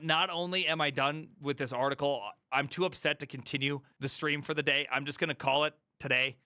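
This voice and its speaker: A man's voice: on the high side, fairly even intonation, brisk, bright, forceful tone, no room sound, clean studio sound. A man streaming live, reacting angrily to an article in a heated rant full of stammering restarts. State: angry and upset.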